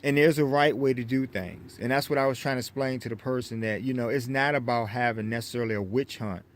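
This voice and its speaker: An American man giving an opinion monologue to his viewers, lecturing them with many halting restarts. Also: medium pitch, fairly even intonation. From United States. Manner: lecturing, repetitive restarts, addresses viewers as folks. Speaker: vlogger.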